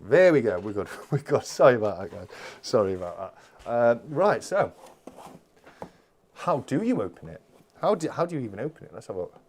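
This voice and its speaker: A man chatting on a live stream as he opens a box. His voice is pitched in the middle and swings widely, and he talks effusively, full of exclamations. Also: big pitch swings, brisk, slight background noise. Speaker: channel host. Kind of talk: live-stream unboxing chat.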